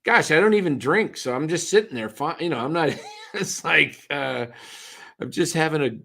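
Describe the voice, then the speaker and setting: A man's voice: a little high, expressive, moderate pace, creaky, bright, forceful tone. Rambling man chatting about baseball. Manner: rambling, restarts sentences often. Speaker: podcast co-host. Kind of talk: casual postgame chat. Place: attended the game in a ballpark, now talking on a stream.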